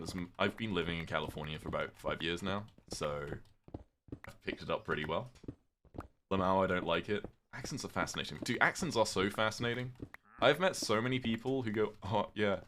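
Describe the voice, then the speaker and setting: A British man casually chatting with his viewers on a livestream, reading chat aloud, swearing freely and reacting with sudden loud outbursts. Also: deep voice, a little fast, slight background noise. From Britain.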